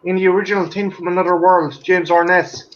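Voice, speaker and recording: Man, high voice, eager storyteller who swears; dull lo-fi audio. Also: flat delivery, brisk. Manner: enthusiastic, swears, tells stories. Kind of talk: casual chat.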